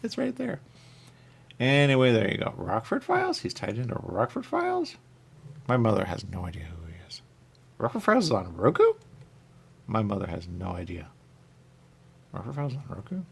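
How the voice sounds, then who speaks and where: A man's voice: mid-range voice, huge pitch swings, moderate pace, gravelly, pauses often, slightly rough. A man hosting a radio talk show, rambling casually and thinking aloud with lots of questions.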